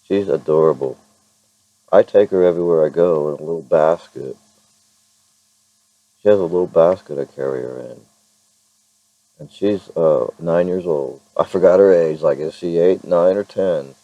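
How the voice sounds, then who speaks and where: A man with a very low voice chats loosely to his camera, circling back and restarting his sentences. The sound is dry and a little dull, like a built-in camera mic. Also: moderate pace, long pauses, mellow, no room sound. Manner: rambling, self-interrupting, chuckles often. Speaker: vlogger. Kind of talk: casual vlog talk to camera.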